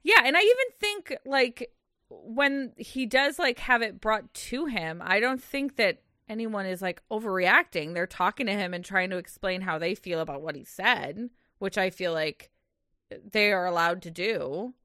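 Chatty woman with a bright voice. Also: medium pitch, no echo, studio quality. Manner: rambling, lots of "like", quick laughs. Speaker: podcast co-host. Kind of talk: casual recap chat.

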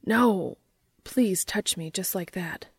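A woman voicing an eager adult man in a story reading, with breathy, urgent pleading. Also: medium pitch, unhurried, no echo.

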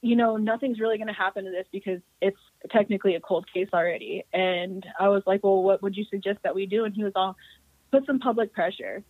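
A woman's voice: mid-range voice, fast, dry recording. A woman guest speaking in a plain, hesitant way with fillers in a casual interview, over a tinny phone line.

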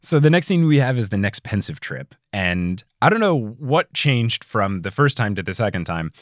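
A man's voice: on the low side, very animated, normal speed, no echo, studio quality. A man in his twenties hosting a podcast, reading a long list of patron names and joking around with his guests. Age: 20s. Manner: jokey, laughs often, reads long patron list. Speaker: podcast host. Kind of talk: casual podcast chat.

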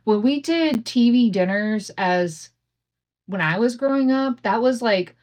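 A woman's voice: a little high, animated, unhurried, a little mellow. A woman in her thirties hosting her own podcast, telling a family story in a candid, casual way, swearing freely and laughing often, recorded on a home setup with imperfect audio. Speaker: podcast host.

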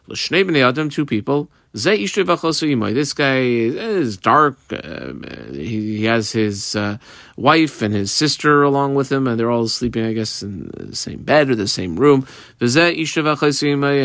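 A man's voice: mid-range voice, a bit bright, dry recording, studio quality. A man teaching a Talmud page in a casual, conversational way, translating line by line with frequent fillers. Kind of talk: casual Talmud study lesson.

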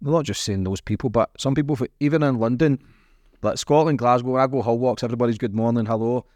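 Fast-talking blunt male host. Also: medium pitch, darkish tone, no room sound, studio quality. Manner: blunt, crude, opinionated. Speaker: podcast host. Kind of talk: casual chat.

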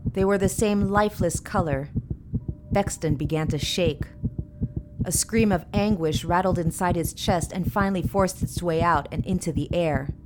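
Low-voiced woman narrating a dark story. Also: moderate pace, noisy background. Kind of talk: audiobook horror narration.

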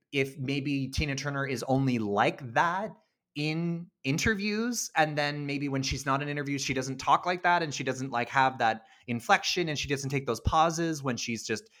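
A man talking through a podcast conversation in a relaxed, chatty way, voice sitting at an ordinary middle pitch. He laughs often and restarts his sentences as the thoughts come. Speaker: podcast co-host. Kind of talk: casual film discussion.

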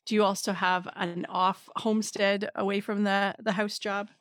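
A woman's voice: mid-range voice, flat delivery, normal speed, a bit bright, dry recording, clean studio sound. A woman co-hosting a podcast, asking friendly questions. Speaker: podcast co-host. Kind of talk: casual interview chat.

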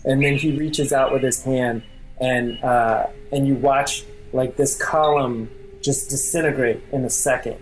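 A man at a medium pitch narrates a tabletop role-playing game as its game master. He talks casually and rambles, with plenty of fillers as he describes the scene. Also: steady tone, unhurried, a little hiss or hum, rough recording.

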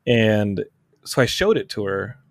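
A man's voice: lowish voice, a little slow, gravelly, dry recording, clean studio sound. A man hosting a podcast, chatting casually and acting out quotes as he tells stories. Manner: animated storyteller, acts out quotes. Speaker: podcast host. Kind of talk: casual chat.

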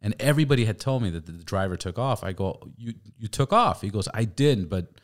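A man hosting a podcast, chatting casually, swearing freely and telling animated stories. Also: lowish voice, fast talker. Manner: profane, storytelling, animated. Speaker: podcast host. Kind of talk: casual chat.

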